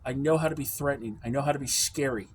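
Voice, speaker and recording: An American man telling a work story as a casual, profane, animated rant. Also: mid-range voice, fast, slight background noise. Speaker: field service technician.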